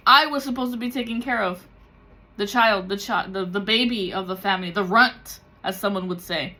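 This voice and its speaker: Forceful, bright-voiced woman speaking candidly. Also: medium pitch, moderate pace. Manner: raw and confessional, swears freely, acts out other people's voices. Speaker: tarot reader and spiritual content creator. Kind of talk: candid emotional personal vlog.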